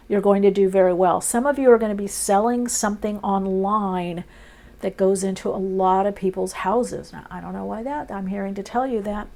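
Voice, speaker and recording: Gravelly-voiced woman reading tarot. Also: medium pitch, a little mellow. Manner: dreamy, musing, speaks in short phrases. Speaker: tarot reader. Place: indoors, off camera.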